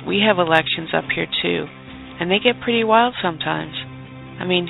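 Man putting on a Canadian woman reporter, cheeky and flirty, says eh a lot, gravelly voice, tinny phone-line sound, faint music. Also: fairly high pitch, pitched above the performer's own voice. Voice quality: exaggerated Canadian "eh" and "hosers" talk. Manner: flirty, irreverent mock news report. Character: brash Canadian woman news bureau chief.

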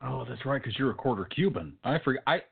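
Male co-host, sleepy dry humor, mid-pitched, phone-like sound. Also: lively intonation, fairly quick, creaky, slightly rough. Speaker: podcast co-host. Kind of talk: casual comedic banter.

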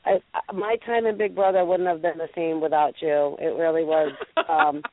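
A woman hosting a call-in radio show, chatting casually in an excitable, gushing way. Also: fairly low pitch, gravelly. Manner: excitable and gushing, quick laughs. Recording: tinny phone-quality line with faint hiss.

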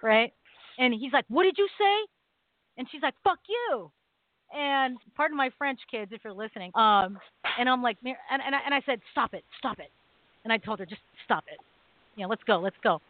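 A woman co-host on talk radio tells a lively anecdote and slips into the voices of the people in it. Her voice sits a little high. The sound is a dry, narrow phone line. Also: a little fast, no echo. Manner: animated storytelling, acts out quoted voices. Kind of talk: casual storytelling on talk radio.

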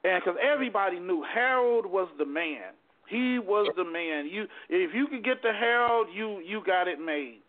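A man telling a personal story as a guest, animated and stumbling over repeated words. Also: high-pitched, moderate pace. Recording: tinny phone-like line.

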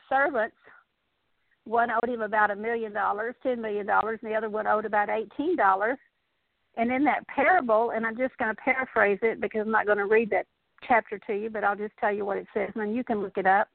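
A woman's voice: a little high, no room sound. A woman preaching a sermon, earnestly retelling scripture in her own words and sharing personal stories. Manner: earnest storytelling, paraphrasing scripture. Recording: tinny phone-like radio broadcast.

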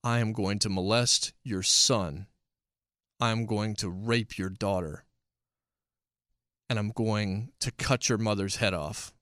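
A man acting out a menacing male villain who delivers threats slowly and in a measured, calm way. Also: fairly low pitch, no room sound, clean studio sound, voice pushed down. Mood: coldly menacing. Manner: slow, measured, quiet delivery.

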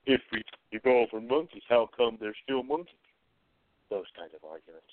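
At medium pitch and a moderate pace, the host of an atheist commentary show speaks expressively in a reflective, earnest monologue by himself, hesitating frequently and circling back to short phrases. The sound is tinny and phone-like, dry, with a little hiss or hum.

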